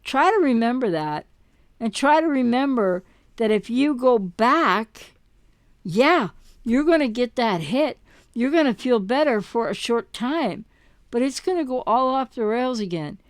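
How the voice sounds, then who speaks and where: This relationship recovery coach addresses the camera directly and passionately, using rhetorical questions and repeated words to drive her points home. Her smooth voice is on the high side, animated, and a little slow, in a dry studio-quality recording.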